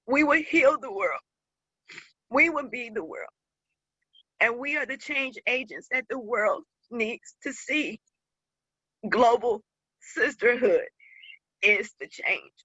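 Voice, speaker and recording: A woman speaks slowly and with deep feeling to an online group, building her words up in repeated phrases. Her voice sounds bright, and the line is dry and a little muffled. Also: slightly rough, dry recording. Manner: emotional, rhythmic, repeating phrases. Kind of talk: heartfelt speech.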